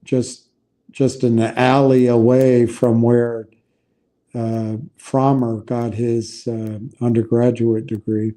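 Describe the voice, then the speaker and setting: Male streamer, unhurried and meandering, warm low-key tone, stops and restarts a lot. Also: level tone. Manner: halting, meandering, frequent restarts. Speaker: livestream host. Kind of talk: rambling casual livestream talk.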